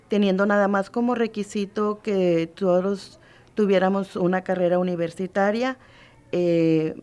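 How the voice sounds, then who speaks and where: A woman in her fifties with a Mexican Spanish accent recounts her move north in an interview. Her voice sits on the lower side. She speaks formally and deliberately, pausing often. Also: a little mellow. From Tamaulipas, Mexico. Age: 50s. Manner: measured, formal, with frequent hesitations. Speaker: interviewee, school district worker. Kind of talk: personal oral-history account.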